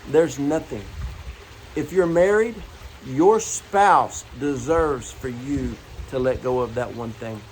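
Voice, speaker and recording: A man's voice: mid-range voice, takes it slowly, darkish tone, a little hiss or hum, rough recording. A man preaching a morning devotional, earnest and repeating his key phrases as he tells personal stories.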